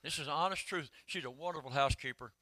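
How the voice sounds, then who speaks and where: Older man, preaching, folksy stories, rising to shouts, crisp bright tone. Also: fairly high pitch, quick pace, no room sound. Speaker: pastor. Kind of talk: sermon.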